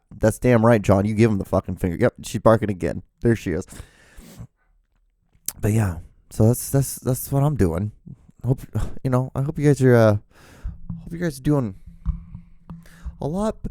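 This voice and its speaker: Male host, 30s, meandering self-deprecating monologue, warm low voice, dry recording. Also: dry recording. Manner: meandering, profane, self-mocking, with many fillers and restarts. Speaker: podcast host. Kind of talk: rambling solo podcast monologue.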